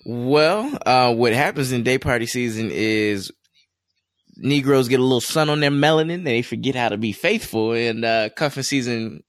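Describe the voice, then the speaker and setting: A man co-hosting a casual podcast, relaxed and rambling with many fillers. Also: mid-range voice, moderate pace, no echo, clean studio sound. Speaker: podcast co-host.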